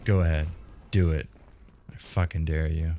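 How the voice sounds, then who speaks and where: A young man with a very deep, low voice streams a shooter game live. He swears a lot and taunts the enemies with a cocky edge. When he sneaks, he drops into a hushed whisper. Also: little pitch movement, moderate pace, a little hiss or hum. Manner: profane, cocky trash talk at game enemies. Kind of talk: casual live-stream commentary.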